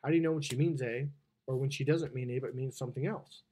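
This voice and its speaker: Husky-voiced man coaching a seminar. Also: medium pitch, fast talker. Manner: animated storyteller who acts out quoted dialogue. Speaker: dating and relationship coach. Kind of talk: seminar talk to an audience. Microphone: wired microphone.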